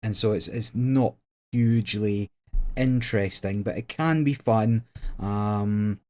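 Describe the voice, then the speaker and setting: A man's voice: fairly low pitch, slow pace, darkish tone. A man co-hosting a board game podcast, chatting casually and hesitantly with frequent ums and repeated words. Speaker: podcast co-host. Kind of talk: casual chat.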